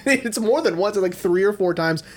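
A man's voice: high-pitched, lively intonation, measured pace, slight background noise. A young man co-hosting a casual movie podcast, musing and hedging as he analyzes. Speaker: podcast co-host.

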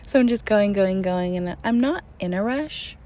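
A young woman telling a travel story in a casual, animated way, often laughing and acting out what people said. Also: mid-range voice, normal speed, slight background noise. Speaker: storyteller recounting a trip.

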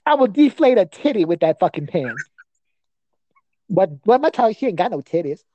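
A woman guesting on a comedy podcast roasts someone crudely and profanely, using a mocking voice and bursting into nonsense singsong chants. Her mid-range voice is mellow, very animated and brisk, with no room sound but poor audio quality.

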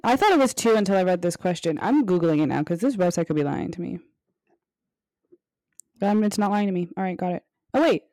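A woman's voice: fairly low pitch, animated, brisk, long pauses, dark tone, no room sound, clean studio sound. A young woman co-hosting a casual podcast, joking crudely and playfully. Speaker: podcast co-host. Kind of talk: casual chat.

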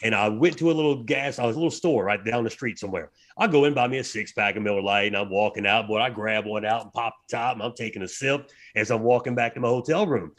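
A man, speaking at a middle pitch as a fight announcer guest on a podcast. He tells stories in an animated way, acting out other people's lines in a raised voice. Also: quick pace, few pauses. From South Louisiana. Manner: animated storyteller, acts out dialogue in a raised voice. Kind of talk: casual podcast chat, storytelling.

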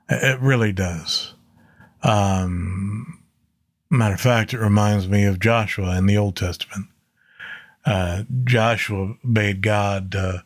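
A man's voice: fairly low pitch, a bit bright, breathy edge, no room sound, clean studio sound. A man teaching a Bible chapter in a casual, earnest way, stopping to correct himself and using fillers. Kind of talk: casual Bible study talk.

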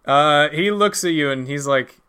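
A man narrating as game master of a tabletop game, animated and laughing often as he quotes characters. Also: a little high, unhurried, clear, resonant tone.

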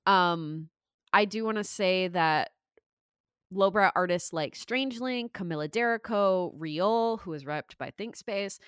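A woman's voice: fairly low pitch, measured pace, smooth, dry recording, clean studio sound. A woman co-hosting a podcast in casual chat, telling stories chattily and laughing often. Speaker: podcast co-host.

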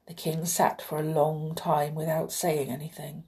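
A woman storyteller reading a children's story aloud in a gentle, expressive way, chatting warmly with her young listeners. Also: low-pitched, unhurried.

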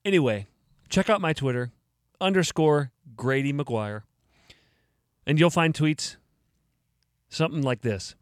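A man's voice: fairly high pitch, animated, measured pace, long pauses, no echo, clean studio sound. A man hosting his own podcast, joking and mock-indignant, laughing at his own jokes. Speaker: podcast host. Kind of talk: casual solo podcast talk.

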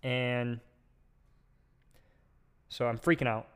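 A young man with a smooth, clear voice tells a long personal story on a casual podcast. He rambles, stacks up filler words and pushes ahead with animated energy. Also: mid-range voice, very slow. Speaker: podcast host.

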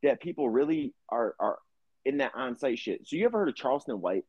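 A man's voice: mid-range voice, a little fast, breathy edge, no echo, lo-fi sound. A man co-hosting a podcast, chatting casually and profanely, acting out quotes as he tells stories. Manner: profane, animated storytelling with put-on quotes. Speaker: podcast co-host. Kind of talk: casual chat.

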